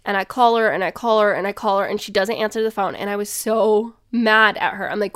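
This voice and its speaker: Woman talking about faith, earnest and chatty, lots of likes, clear smooth voice. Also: medium pitch, a little fast, hardly any pauses, a bit bright. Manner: earnest and conversational, with many filler likes. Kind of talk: personal reflective storytelling.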